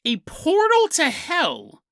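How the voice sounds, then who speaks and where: A man's voice: very high-pitched, huge pitch swings, slow pace, a bit bright, no room sound, studio quality. A man hosting a podcast, telling a strange story with a comedic bent and chuckling through his jokey asides. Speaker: podcast host.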